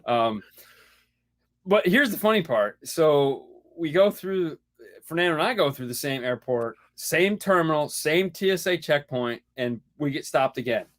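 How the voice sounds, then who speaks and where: A middle-aged man co-hosting a casual podcast, telling anecdotes in a lively way and acting out the people in them. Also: fairly high pitch, unhurried. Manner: animated storyteller, acts out the people in his anecdotes. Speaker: podcast host. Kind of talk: casual chat.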